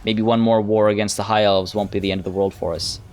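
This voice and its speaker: A man's voice: on the low side, flat delivery, fast, darkish tone. A man narrating his own strategy game, thinking aloud in a hesitant, musing way. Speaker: let's play host. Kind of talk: gameplay commentary.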